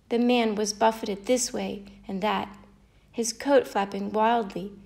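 A woman narrating a children's fable in an expressive, lilting read-aloud manner. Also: a little high, creaky. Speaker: storyteller. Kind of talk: storybook narration.

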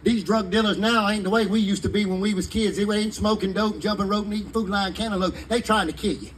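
A man's voice: high-pitched, steady tone, quick pace, a little hiss or hum, poor audio. A man, preaching fervently in a sermon to a live congregation. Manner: fervent preaching in Southern vernacular. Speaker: pastor.

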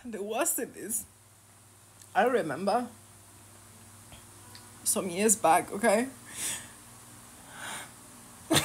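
She speaks extremely slowly with long pauses, her medium-pitched voice lively in intonation. In her thirties, this online creator is ranting to camera from her bed at home, heated and sarcastic, cursing and laughing between digs.

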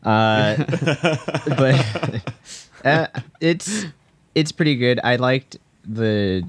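A man's voice: medium pitch, animated, drawn-out words. A young man co-hosting a casual podcast, hesitant and laughing at his own jokes. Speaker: podcast co-host. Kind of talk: casual chat.

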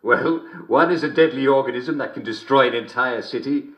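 A man's voice: mid-range voice, brisk, a bit bright, close to an everyday voice. An actor playing a jovial, middle-aged English TV host who chuckles between lines with a smarmy showman delivery, in a scripted game broadcast. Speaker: TV and radio host.

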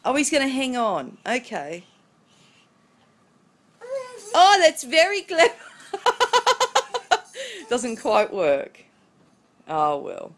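A woman's voice: a little high, wildly swooping pitch, a little slow, a little hiss or hum. A mother at home, filming her toddler on a phone and chatting to the child in a playful, sing-song baby-talk voice with chuckles. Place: at home indoors. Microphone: phone camera.

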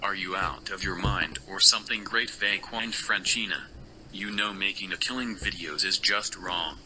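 A man's voice: low-pitched, steady tone, normal speed, sharp tone, a little hiss or hum, low-quality recording. A man giving a scolding, lecturing rant in a recorded video.

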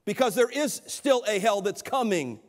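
A man's voice: high voice, expressive, normal speed. A male pastor delivering a sermon in an earnest preaching manner, often repeating words and restarting phrases. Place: church sanctuary. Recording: church sanctuary with long reverb.

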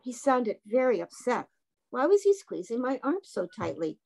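A woman reading a children's story aloud for a book club, gently voicing the characters' lines. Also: fairly high pitch, very animated, moderate pace, creaky. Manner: gently voices the characters' dialogue.

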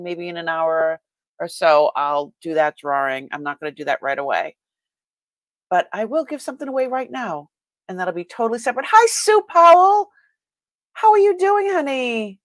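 A woman's voice: fairly low pitch, moderate pace, no echo. A woman with a Boston accent hosting a casual live-stream sale, chatting and greeting viewers by name with frequent laughs.

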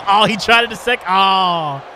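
A man hosting a live stream and calling a wrestling video game match play by play, animated and jokey, shouting at the big moves. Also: sits high, a little hiss or hum. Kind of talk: excitable play-by-play game commentary.

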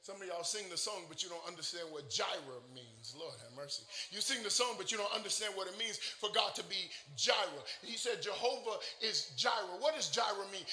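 A pastor preaching a sermon with a gravelly voice. He jokes aside with the congregation and builds to fervent shouting. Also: sits high, lively intonation, soft background music. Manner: rising to fervent shouting, quick joking asides. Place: church sanctuary. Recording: echoey church room.

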